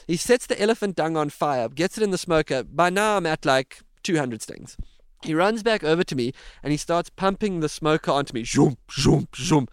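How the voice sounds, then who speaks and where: A man's voice: sits high, clear, resonant tone, no echo, studio quality. A man telling a vivid, dramatic story as a podcast guest. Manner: vivid, dramatic retelling with voiced sounds. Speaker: podcast guest, safari guide. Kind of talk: animated storytelling.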